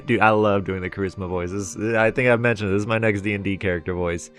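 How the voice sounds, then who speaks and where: A male streamer with a low voice plays a game live, reading its lines aloud with relish and cracking jokes in between. Faint music runs underneath. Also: steady tone, fast talker, few pauses, fairly bright tone. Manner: joking, laughs often, reads dialogue with relish.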